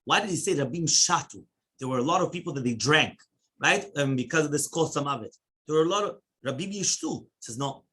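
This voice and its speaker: A man's voice: on the high side, breathy edge. A male rabbi teaching a Talmud class in English, rattling off Hebrew quotations and translating them, with frequent "right?" and "yeah?" check-ins. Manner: animated, questioning asides like "right?" and "yeah?"; chants Hebrew quotes rapidly.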